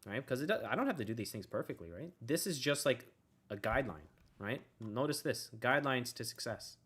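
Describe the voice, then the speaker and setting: A man's voice: medium pitch, expressive, a little fast, a bit bright, husky. Laid-back man rambling about success. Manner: rambling, keeps asking "right?"; laid-back, says "bro" and swears. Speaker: self-help video host. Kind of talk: casual motivational talk.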